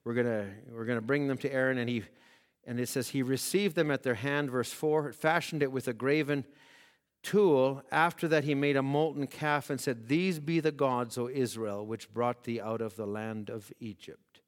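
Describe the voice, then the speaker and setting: A man's voice: mid-range voice, fairly even intonation, moderate pace, in a large hall. A man preaching a sermon, reading scripture aloud and building to emphatic, rising appeals. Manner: preaching with rising emphasis, voicing quoted prayers.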